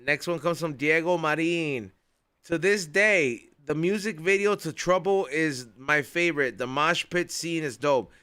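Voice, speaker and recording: A man hosts a podcast in a loose, joking tone, reading viewer super chats with a touch of profanity. His voice sits a little high and comes across smooth and crisp. The sound is dry and close, with no room around it. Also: measured pace, pushed and bright, no echo. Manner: loose, joking, swears freely. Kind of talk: casual podcast chat.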